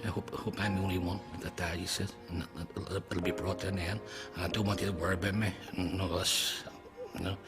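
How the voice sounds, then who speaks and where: A man recalling a farewell in a documentary interview, speaking haltingly and trailing off into quiet. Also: deep voice, level tone. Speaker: former prisoner interviewee. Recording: music bed under the voice.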